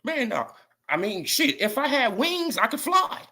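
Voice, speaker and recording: An extremely high-pitched male voice, pushed and bright, moves a little slowly with big pitch swings. As a boxing commentator vlogger, he rants casually in a mocking, repetitive way, frequently saying "right?" and "you feel what I'm saying."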